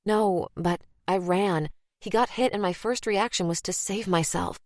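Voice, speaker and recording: A woman's voice: mid-range voice, unhurried, a little mellow, dry recording, studio quality, lightly acted. A woman reading the part of a tense, defensive female FBI profiler in an audiobook.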